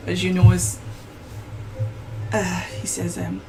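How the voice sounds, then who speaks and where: Low-voiced woman narrating as game master. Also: completely flat delivery, creaky, a little mellow, a little hiss or hum, rough recording. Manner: descriptive, unhurried, with frequent restarts.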